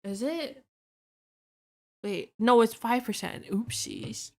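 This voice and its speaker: A young woman vtuber is on a casual drinking stream, tipsy, sleepy, rambling, and swearing a lot as she chats. Her voice sits on the high side and she speaks slowly.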